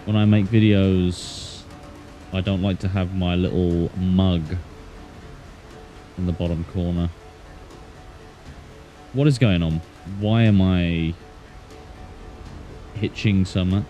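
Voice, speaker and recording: Low mellow-voiced man streaming a game. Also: fairly even intonation, slow, pauses often, faint music behind. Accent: put-on Australian. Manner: chatty, self-mocking, playful. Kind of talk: casual gameplay commentary.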